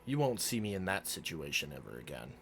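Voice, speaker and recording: A man's voice: low voice, big pitch swings, brisk, gravelly, fairly bright tone, a little hiss or hum, pitched below the performer's own voice, exaggerated voice. A man voicing a smug, cocky young male rogue in a tabletop game, with an attempted Australian accent. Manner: smug, offhand promise.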